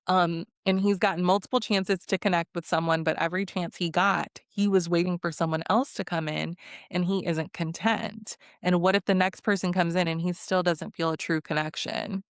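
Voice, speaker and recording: A woman's voice: on the low side, clean tone, no echo, clean studio sound. A woman hosting a casual recap vlog of a reality show, talking bluntly and sarcastically, swearing and laughing often.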